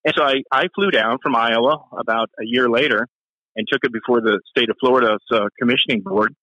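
A man, a former police officer and Marine, telling a profane story in an animated way and acting out the voices he quotes. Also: brisk, dry recording, muffled recording. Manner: profane, acts out quoted voices with sharp pitch jumps.

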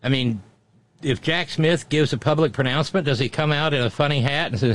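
This commentary host's male voice is a little high, sing-song, and fairly bright, recorded without echo. He reads out the news while breaking in with quick, wry mockery.

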